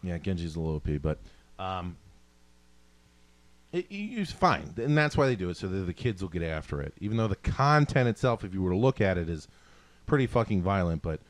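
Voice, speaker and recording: Animated, lively-voiced man ranting casually. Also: sits low, brisk, no room sound. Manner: animated, swearing, self-mocking rants. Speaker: podcast co-host. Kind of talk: casual chat.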